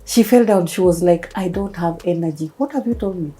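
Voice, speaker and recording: A woman's voice: lowish voice, a little fast, husky, faint music behind, rough recording. A woman in her thirties with a Kenyan accent, a guest telling her personal story in an interview and acting out what others said. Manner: animated storytelling, acting out quoted voices.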